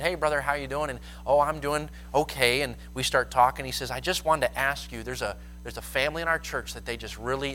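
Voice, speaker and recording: A man's voice: mid-range voice, sharp tone, a little hiss or hum, rough recording. A young man preaching a sermon, telling stories and acting out quoted lines with rising intensity.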